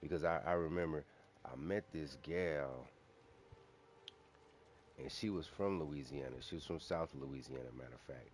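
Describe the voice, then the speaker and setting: A man's voice: rumbling low, normal speed, pauses often, slight background noise. A man talking casually on his own channel, rambling with restarts and self-corrections as he goes. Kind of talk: casual solo commentary.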